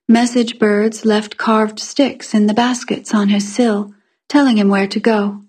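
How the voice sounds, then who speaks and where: A woman narrating a fantasy short story in a calm, measured way. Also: medium pitch. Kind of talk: scripted fiction narration.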